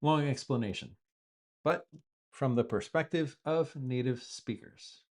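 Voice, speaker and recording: Explaining news vocabulary, a male English teacher and native speaker walks through word usage with patience and example after example. He speaks at a measured pace in a mid-range, somewhat dark voice.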